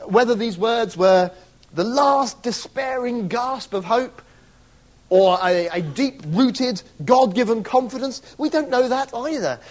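A man's voice: very high voice, expressive, slow. A man preaching a sermon, emphatic, asking rhetorical questions and stretching key words for weight.

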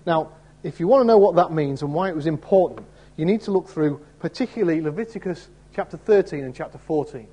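A man preaching a Bible sermon in a chatty, conversational way, often turning to his listeners with tag questions. His voice sits somewhat high for a man, and it has a husky, slightly breathy grain. The tone stays warm and mellow rather than bright. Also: lively intonation, fast. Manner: acts out quoted voices in the story. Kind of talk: expository sermon.

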